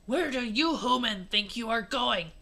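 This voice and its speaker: A woman's voice: a little high, lively intonation, a little slow, creaky, pushed and bright, exaggerated voice. A woman voicing a menacing, sneering alien soldier in an odd put-on voice while reading a fanfic aloud.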